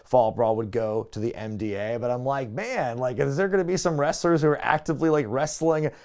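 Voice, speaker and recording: A man giving a casual, chatty review of an old wrestling show, excitable and prone to laughing at his own asides. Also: medium pitch, fairly quick. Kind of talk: casual video review commentary.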